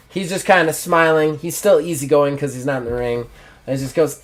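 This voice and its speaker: A man's voice: on the high side, fairly even intonation, brisk. A man casually narrating a solo wrestling role-playing game as its host, describing characters with lots of fillers. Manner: rambling, casual, many fillers. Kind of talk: casual live-play narration.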